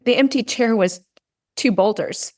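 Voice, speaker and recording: A middle-aged woman speaks as a podcast guest in an easy, conversational way. She tells her story earnestly and often tags her sentences with "right?". Her voice sits at an ordinary middle pitch. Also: normal speed. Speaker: podcast guest, grief and Gestalt practitioner. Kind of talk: casual interview conversation.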